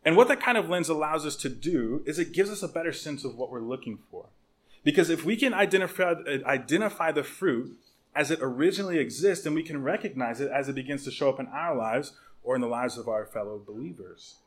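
Animated man preaching a story-filled sermon. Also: a little high, fairly quick. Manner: conversational, with repeated words and restarts. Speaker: pastor.

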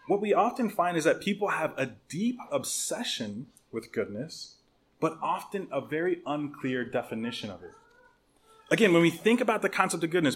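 Animated man preaching a story-filled sermon. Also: on the high side. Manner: conversational, with repeated words and restarts. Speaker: pastor.

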